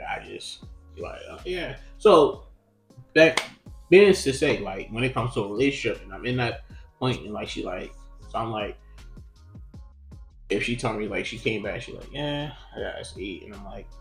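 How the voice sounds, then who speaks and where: A man's voice: fairly low pitch, lively intonation, moderate pace, soft background music. A young man telling a personal story in casual chat, rambling and profane with lots of fillers. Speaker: podcast co-host. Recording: roomy echo.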